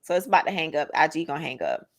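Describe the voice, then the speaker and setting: A woman co-hosting a casual podcast chat, reading out viewer comments and reacting in an animated, lively way. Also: low-pitched, racing.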